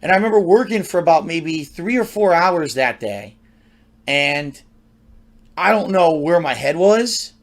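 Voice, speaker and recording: A high-voiced man tells a story from his past in a loose, rambling monologue. He talks conversationally, circling back with restarts and side remarks as he goes. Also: lively intonation, unhurried. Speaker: storyteller recounting his youth.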